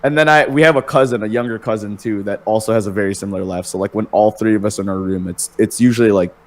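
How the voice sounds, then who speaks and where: A man's voice: lowish voice, fast. A young man as a podcast guest, laid-back and easygoing, laughing often in casual chat. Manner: laid-back, laughs easily, says "dude". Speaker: guest streamer.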